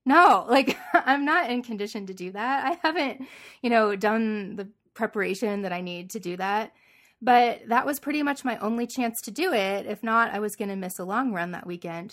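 A woman co-hosts a podcast and tells a personal story in a relaxed way. She leans on "like" a lot and keeps her talk casual. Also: mid-range voice. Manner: storytelling, many "like" fillers, laughs often. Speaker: podcast co-host. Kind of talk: casual chat.

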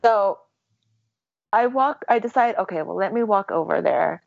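A woman telling a long story in casual chat, rambling and animated, with many fillers and restarts. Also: medium pitch, moderate pace, gravelly, no room sound, dull audio.

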